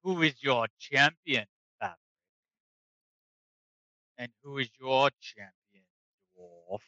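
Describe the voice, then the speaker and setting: Man doing haughty old dragon for a tabletop game, slow, commanding, bright crisp tone, muffled dry mic. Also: medium pitch, lively intonation, no echo. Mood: imperious. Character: ancient male dragon, haughty and menacing.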